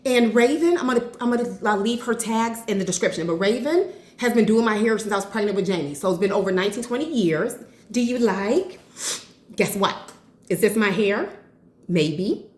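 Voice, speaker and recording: A woman in her forties chatting casually to her viewers, an excitable storyteller who calls them y'all. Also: mid-range voice, moderate pace. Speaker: vlogger. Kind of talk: casual chat to camera. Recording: roomy echo.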